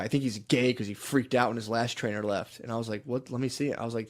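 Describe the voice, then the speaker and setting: A man's voice: mid-range voice, fairly even intonation, quick pace, few pauses. A man on a podcast telling a story in casual chat, swearing and laughing often and acting out the people he quotes. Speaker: podcast co-host.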